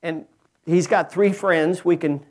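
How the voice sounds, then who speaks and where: A man, a pastor, praying and then preaching a sermon in an earnest way, often restarting his words and growing excited. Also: fairly high pitch, slow. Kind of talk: sermon with opening prayer. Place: church sanctuary.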